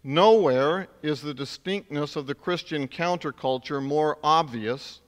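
A man's voice: a little high, a little slow. A man preaching a sermon as pastor, talking casually and then building to emphatic peaks. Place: church sanctuary. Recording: long hall reverb.

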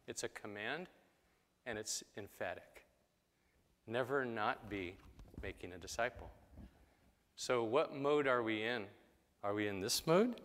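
A man's voice: mid-range voice, measured pace, a bit bright, long reverb tail. A man preaching a sermon in a casual, conversational way, briefly acting out quoted voices.

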